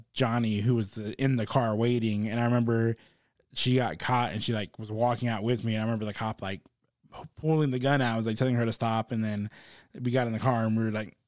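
Young male comedian guest, relaxed and agreeable, mid pitch, dry close mic. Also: dry recording. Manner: relaxed, agreeable, laughs as he tells stories. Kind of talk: casual conversation.

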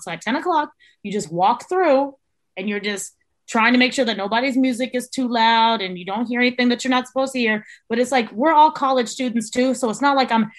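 A young woman tells a story in casual podcast chat. Her voice sits a little high. She is animated and acts out the people she quotes. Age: young adult. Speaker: podcast guest, former resident assistant.

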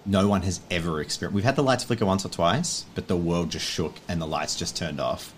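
A man narrating a tabletop game as game master, in an animated, chatty way full of filler words. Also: low voice, a little fast, slight background noise.

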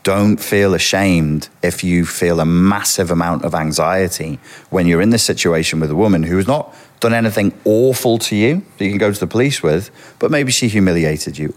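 Brief: expert guest, middle-aged man, deep voice, earnest and explanatory, talks straight to camera. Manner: earnest, explanatory, addresses viewers directly. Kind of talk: interview, explaining.

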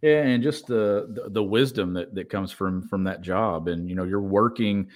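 A man's voice: on the low side, moderate pace. A man co-hosting a podcast, speaking in a plain, matter-of-fact way. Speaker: podcast co-host. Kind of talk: casual interview.

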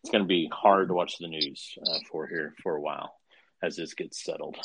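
A man co-hosting a casual podcast chat who explains in a measured way, with many filler sounds. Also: extremely low pitch, steady tone, creaky, fairly bright tone, breathy edge, no room sound.

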